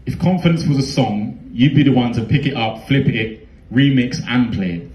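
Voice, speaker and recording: A man's voice: mid-range voice, normal speed, few pauses, darkish tone, roomy sound, poor audio. London man performing spoken word poetry. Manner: rhythmic rhyming delivery, heartfelt.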